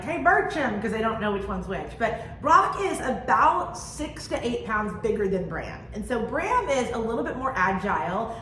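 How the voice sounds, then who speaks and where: A woman in her thirties co-hosting a family podcast, telling stories in a chatty, animated way. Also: on the high side, echoey room, slight background noise, poor audio. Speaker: podcast co-host. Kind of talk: casual chat.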